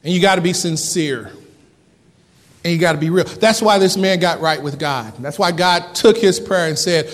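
High-voiced preacher in a reverberant hall. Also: male voice. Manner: fervent preaching with dramatic pauses and swings in loudness. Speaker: pastor. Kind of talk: sermon.

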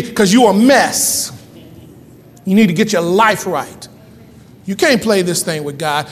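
A male pastor preaching a sermon in a church, moving between quick asides and loud shouted lines. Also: sits high, long reverb tail. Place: church sanctuary.

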